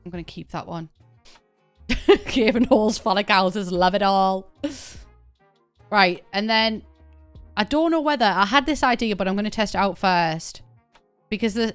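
A young British woman chats casually on a live stream while playing games, rambling, laughing often and swearing offhand. Her voice is medium-pitched, a bit bright and clean.

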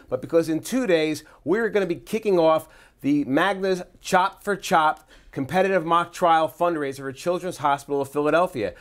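A man hosting a promotional studio interview, upbeat and friendly, asking a guest questions. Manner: upbeat, pitch climbs high on the closing phone-number plug. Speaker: interview host.

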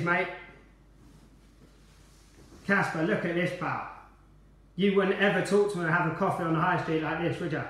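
A man's voice: fairly high pitch, fairly bright tone, roomy sound. A man hosting a live online quiz night, chatty and upbeat as he greets viewers by name. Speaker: quiz host, former player.

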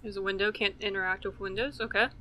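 A woman's voice: medium pitch, steady tone, fast talker, sharp tone, a little hiss or hum. A woman casually commentating on a game as she plays, chatty and thinking aloud. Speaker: let's play host.

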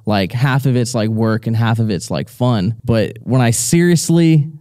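A young male co-host jokes and chats on a live stage, drawing out words for emphasis. His voice sits at a middle pitch, and the recording is dry, with no room echo. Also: warm tone. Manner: playful, joking, drawn-out emphatic delivery. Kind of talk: casual live Q&A chat. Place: stage at a live audience event.

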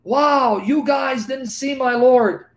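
A man voicing the apostle Peter as an older man, speaking fervently and with deep adoration, repeating lines for emphasis. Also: takes it slowly. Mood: awed, loving.

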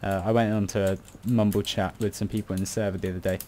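A man's voice: on the low side, flat delivery, fast talker, warm tone, slight background noise. A British man giving casual commentary on a building tutorial, rambling and muttering to himself with self-mocking asides. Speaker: game tutorial creator.

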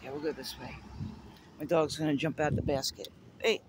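A Florida, USA artist vlogger with a high voice talks casually to his handheld camera as he rides through neighborhood streets, at normal speed and with fairly even intonation. He giggles frequently and chats with his dog, while loud outdoor sounds, passing vehicles, and birds fill the background.

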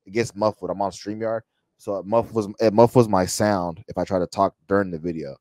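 A man with a very deep voice hosts a casual reaction video and speaks directly to his audience. He thinks out loud and often restarts or repeats words mid-thought. His voice sounds dry and close, with no room echo. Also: steady tone, brisk. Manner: thinking aloud, repeats words while searching for them; addresses the viewers directly. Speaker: reaction channel host.

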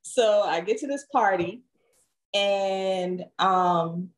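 A woman, a singer, telling a story as a podcast guest in a relaxed, chatty way with frequent fillers. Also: medium pitch, extremely slow, poor audio. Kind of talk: storytelling in an interview.

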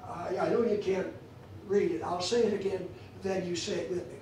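A man's voice: high voice, a little fast, darkish tone, slight background noise. A man teaching a church theology class, emphatic and repeating phrases for stress, recorded in an echoey church room from far off.

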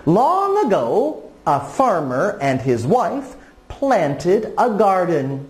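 A woman teacher leads children's story time, reading very slowly in a sing-song voice. Her pitch rises and falls widely. The recording sounds echoey, as if in a bare room. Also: big pitch swings, darkish tone.

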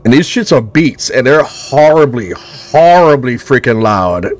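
A young man giving loud, excitable, profane live commentary while playing a game on a headset, laughing often. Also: medium pitch, unhurried. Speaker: gaming streamer.

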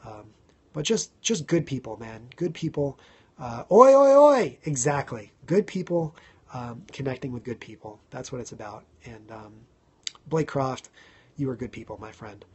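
A man around thirty hosting a casual live stream, chatting to viewers, thanking them by name and filling pauses with ums. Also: mid-range voice, a little mellow, breathy edge. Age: 30s.

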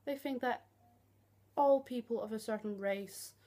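A young woman rants bluntly to camera, sarcastic and swearing freely. Her voice sits slightly high, with a husky edge and a mellow, dark tone. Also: unhurried. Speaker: vlogger. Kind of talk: ranting vlog.

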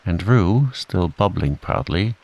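A man calmly reading a bedtime storybook aloud, in a soothing manner. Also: deep voice, slow, gravelly. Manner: calm, soothing. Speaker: narrator.

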